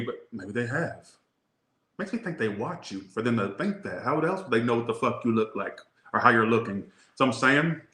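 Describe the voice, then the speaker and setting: A man's voice: mid-range voice, sharp tone. A man with a Southern US accent giving a casual tarot reading, rambling into crude jokes. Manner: joking, rambling, crude asides. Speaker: tarot reader. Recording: echoey room.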